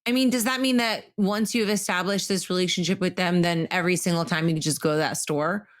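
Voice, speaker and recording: A woman's voice: fairly low pitch, fairly even intonation, a little fast. A woman hosting an interview show, asking probing, conversational questions. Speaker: host.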